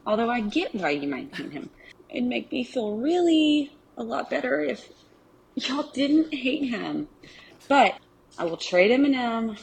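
A woman's voice: a little high, creaky, slightly rough, rough recording. A woman with a strong Arkansas accent, a listener sending a chatty, folksy, self-teasing recorded message to a podcast.

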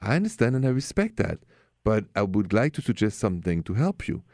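On a dry, studio-quality recording, a French radio host with a lowish, creaky voice speaks briskly, his pitch swinging widely. He hosts a love-advice show, telling warm stories and being direct and frank with callers.

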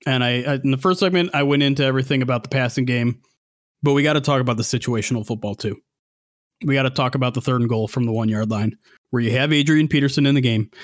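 A man with a notably high voice is co-hosting a casual sports podcast, picking apart bad play calls with rising frustration. The sound is dry and close, with no room around him. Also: no echo. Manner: rant building from disappointed to shouting angry. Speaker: podcast co-host.

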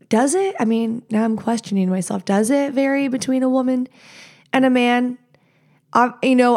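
Candid, profane woman podcast host. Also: a little high. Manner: candid and profane, animated asides. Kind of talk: casual solo podcast storytelling.

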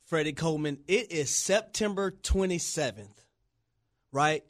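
A man co-hosting a sports radio show from a studio, talking in an excitable, hollering, sing-song way. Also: a little high, measured pace. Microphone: studio microphone.

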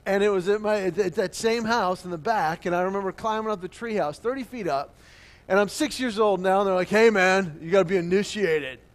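Brief: male pastor, high-pitched, animated storytelling sermon with acted-out voices. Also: brisk.

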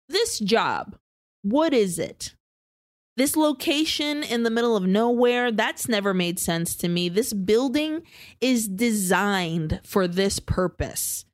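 A woman co-hosting a podcast, casually recapping a film plot as an animated storyteller who swears freely. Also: mid-range voice, no echo, studio quality. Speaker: podcast co-host.

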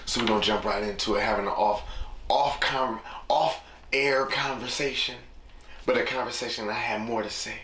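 A man's voice: medium pitch, moderate pace, a bit bright, echoey room, slight background noise. A young man hosting a casual solo podcast, talking in a loose, rambling, reflective way and leaning on repeated catchphrases. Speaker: podcast host.

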